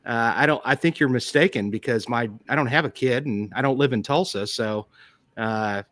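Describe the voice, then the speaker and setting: A man hosting a casual interview, a police detective who tells stories with halting restarts. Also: medium pitch, fairly bright tone, no room sound. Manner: halting, frequent restarts while recounting. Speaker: podcast host, police detective.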